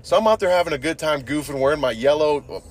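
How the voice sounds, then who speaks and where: A man's voice: on the high side, quick pace. Crude rambling guy, constant cursing. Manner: rambling, crude, swears a lot, says dude constantly. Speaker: podcast host. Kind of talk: casual profane storytelling.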